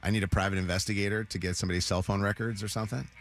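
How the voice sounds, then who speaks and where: A man's voice: lowish voice, steady tone, very fast, faint music behind. A man hosting a morning radio show, joking around and taking callers in casual banter. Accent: Midwestern American. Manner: joking, chatty, takes callers.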